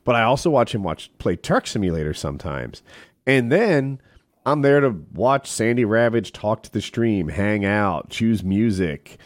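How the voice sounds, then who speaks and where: A man's voice: lowish voice, very animated, unhurried, no room sound, clean studio sound. A young man streamer chatting casually with friends, rambling and laughing often. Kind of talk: casual chat.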